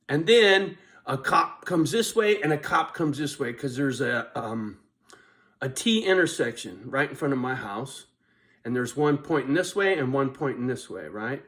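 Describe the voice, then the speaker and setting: A middle-aged man tells a long, rambling story straight to camera, casual and profane. He swears nearly every sentence and breaks into laughter at himself. His voice sits at an ordinary pitch for a man. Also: lively intonation, moderate pace, pushed and bright. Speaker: vlogger.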